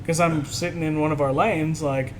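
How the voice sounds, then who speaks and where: Guy chatting on a podcast, kinda high voice, faint rumble behind him. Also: normal speed, poor audio. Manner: animated storytelling, acts out quotes. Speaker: podcast co-host. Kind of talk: casual chat.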